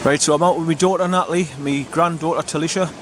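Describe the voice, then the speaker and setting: A man's voice: fairly high pitch, fairly even intonation, fast talker, noisy background. An older man from the North East of England, chatting casually while he films a walking vlog outdoors by a river, rambling a little and correcting himself as he goes. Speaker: vlogger. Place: outdoors by a river in a small town.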